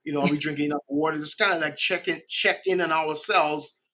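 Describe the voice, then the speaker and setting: A middle-aged man from the Caribbean, a podcast guest speaking in an animated way and often checking in with "right?". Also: on the high side, fairly quick. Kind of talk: conversational interview.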